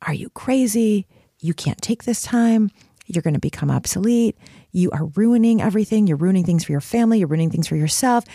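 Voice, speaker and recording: A woman's voice: mid-range voice, lively intonation, a little fast, warm tone, dry recording, studio quality. A woman voicing her own inner critic, a frightened teenage girl who berates her in a hissing tone. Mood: berating.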